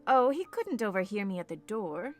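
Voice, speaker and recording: A woman's voice: medium pitch, big pitch swings, normal speed, soft background music, natural voice. A woman reading as a passionate, headstrong young woman in an audiobook, speaking in an impassioned, declamatory way. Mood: anxious.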